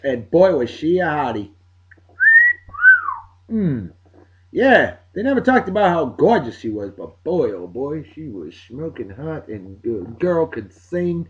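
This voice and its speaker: A man's voice: on the high side, big pitch swings, measured pace, lo-fi sound, background noise. A man hosting a casual beer and music vlog, talking in a boisterous, crude, showman-like way. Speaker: host.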